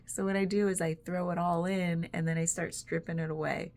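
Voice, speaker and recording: Gravelly, low-voiced woman vlogger. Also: level tone, moderate pace, hardly any pauses, darkish tone, slight background noise. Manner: rambling, chatty, laughs often, many "like"s. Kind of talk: casual reflective monologue.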